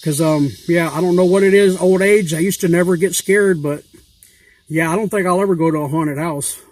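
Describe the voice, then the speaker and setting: Here the man's voice is high-pitched yet darkish in tone, moving fairly quickly on a dry recording. As a YouTuber running a giveaway, he quizzes a fellow creator in rambling, casual vlog talk with loose grammar.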